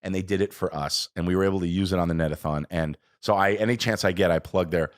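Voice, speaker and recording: A man's voice: low voice, steady tone, quick pace, no room sound, clean studio sound. A man guesting on a podcast, talking in an enthusiastic, heartfelt way. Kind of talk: casual podcast chat.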